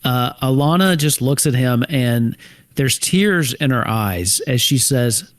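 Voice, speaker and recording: A man's voice: mid-range voice, animated, slow pace, no echo, studio quality. A man playing a tabletop game, describing his character's actions thoughtfully. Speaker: player.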